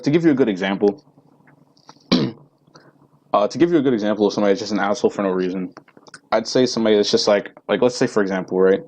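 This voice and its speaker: A man's voice: fairly low pitch, a little mellow, low-quality recording. A teenage boy ranting casually to camera, rambling and profane with lots of fillers. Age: teens. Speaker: vlogger.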